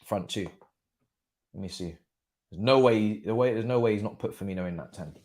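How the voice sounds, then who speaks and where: A man hosting a live football watchalong stream, chatting through the match as a fan and bursting into shouts at big moments. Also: fairly low pitch, moderate pace. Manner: excitable, erupts into shouts and laughs at goals. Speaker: watchalong host.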